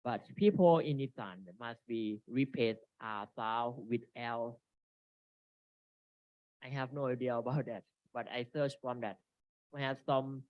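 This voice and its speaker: Halting man presenting a seminar. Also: mid-range voice, no echo. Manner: halting, reads from slides with frequent restarts. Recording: dry, dull lo-fi recording.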